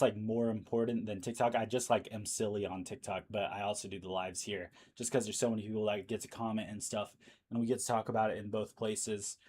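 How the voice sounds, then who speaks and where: With a fairly low, slightly mellow and a little rough voice, a man runs a live news stream. He's losing his voice as he talks casually, filling pauses while he thinks aloud.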